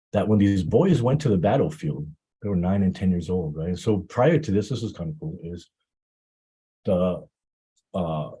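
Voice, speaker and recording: A man preaching a Muharram sermon, halting often and repeating words as he builds his story. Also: low-pitched, dark tone, breathy edge.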